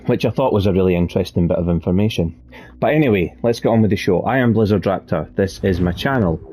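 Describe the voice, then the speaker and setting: A man's voice: low voice, fast, dark tone, slight background noise. A man hosting a let's play channel, talking over his gameplay in a chatty, rambling way that often corrects itself. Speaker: gaming channel host.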